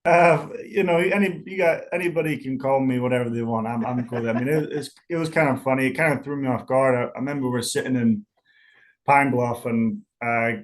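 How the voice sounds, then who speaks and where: A man's voice: mid-range voice, brisk. A young man with a Scottish accent, a football punter talking casually as a guest in an interview and rambling through many fillers and restarts.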